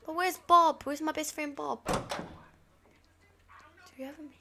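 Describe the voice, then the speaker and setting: A woman's voice: sits high, fairly even intonation, a little slow, gravelly, background noise. A woman hosting a gaming channel, giving playful, dramatic let's-play commentary while role-playing, dropping to whispers and bursting into panicked screams.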